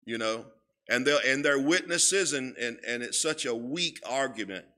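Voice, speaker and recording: A man teaching a Sunday school Bible lesson in a church, speaking in a slow, emphatic way and often repeating his words. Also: mid-range voice, expressive, bright, forceful tone. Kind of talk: sermon-style Bible lesson. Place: church sanctuary.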